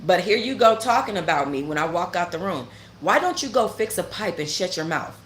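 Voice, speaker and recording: A woman with a fairly low voice tells a story as a heated, casual rant. She is blunt and profane and hammers her points home by repeating them. Her voice echoes around the room over a faint background hum. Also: expressive, brisk, fairly bright tone. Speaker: channel host.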